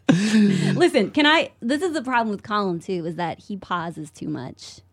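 A woman's voice: mid-range voice, animated, a little slow, slight background noise. A woman guesting on a comedy podcast, teasing and joking in casual chat. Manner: playful, teasing.

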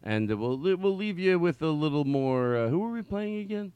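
A middle-aged man hosting a comedic podcast in a studio, rambling and excitable, swinging between yelling and quiet mumbling. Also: fairly high pitch, fairly quick, clean tone, dry recording. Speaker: podcast host. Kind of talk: loose comedic podcast talk. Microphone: studio mic.

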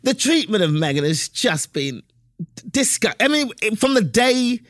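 Animated London woman, lively voice. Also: a little high, measured pace, no echo, studio quality. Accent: London English. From London, England. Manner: animated, emphatic storyteller. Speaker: comedian guest. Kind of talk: casual interview chat.

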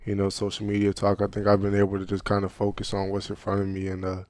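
A young man, a college basketball player, answering interview questions casually and softly, filling his sentences with "you know". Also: on the low side, monotone, quick pace, no echo, studio quality. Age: young adult. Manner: soft-spoken, heavy on "you know" fillers.

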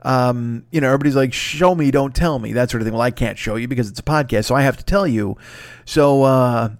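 Feeling under the weather, a podcast host makes a casual solo announcement, rambling, swearing and restarting many times. He speaks fast in a mid-range voice, recorded at studio quality with no room sound.

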